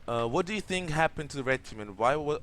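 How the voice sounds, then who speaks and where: A man's voice: fairly high pitch, lively intonation, quick pace, a bit bright. A young man co-hosting a late-night gaming stream, chatting casually while he plays, rambling and opinionated and swearing freely. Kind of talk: casual gameplay chat.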